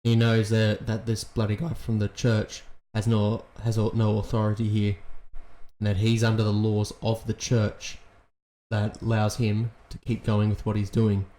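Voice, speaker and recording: A man giving casual, excitable reaction commentary on a TV episode, swearing often as he talks. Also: lowish voice, moderate pace.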